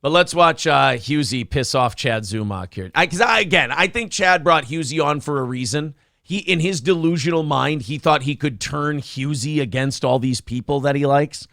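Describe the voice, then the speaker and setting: A man hosting a podcast, reacting to a clip with animated, profane, mocking commentary. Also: a little high, normal speed, vocal fry, no echo, clean studio sound. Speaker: podcast host.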